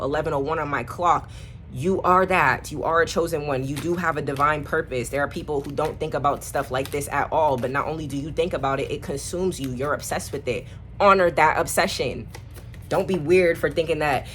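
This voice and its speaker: Speaking directly to camera at medium pitch, with slight background noise, a tarot reader addresses viewers warmly. She is emphatic and repeats affirmations throughout the reading.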